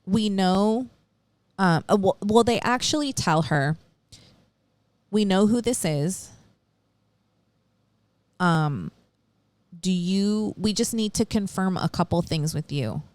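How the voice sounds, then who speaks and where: A woman's voice: mid-range voice, lively intonation, takes it slowly, long pauses, darkish tone, dry recording. A woman co-hosting a podcast, casually retelling a true-crime story, acting out quotes and swearing freely. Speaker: podcast co-host.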